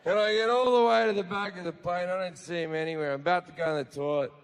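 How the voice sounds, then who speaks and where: An Australian man performing profane stand-up comedy, telling stories loudly on a big theatre stage. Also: sits high, steady tone, fast talker, clear, resonant tone, in a large hall. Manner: loud, profane storytelling with frequent shouting.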